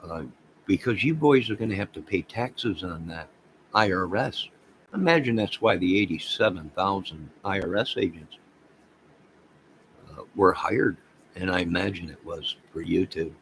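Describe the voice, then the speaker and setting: A man's voice: low voice, animated, a little slow, a bit bright, a little hiss or hum, rough recording. A man hosting a casual livestream, rambling and talking straight to his viewers. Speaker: livestream host.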